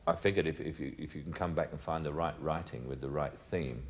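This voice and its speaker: Very deep-voiced man musing. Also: fairly even intonation, fairly quick, slight background noise. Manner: musing, stops and restarts. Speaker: interviewee. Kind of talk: reflective interview answer.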